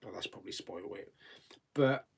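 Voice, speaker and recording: A man's voice: low voice, brisk, gravelly, breathy edge. A man hosting a live chat stream, casually reading out viewer questions and answering them with frequent laughs. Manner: chatty, laughs often, reads viewer comments aloud.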